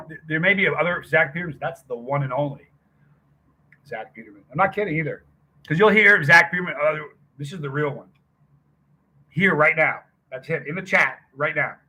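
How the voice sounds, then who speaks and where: Man, middle-aged, husky voice, forceful, chatty livestream host, rambling stories. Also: high-pitched. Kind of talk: casual chat with live viewers.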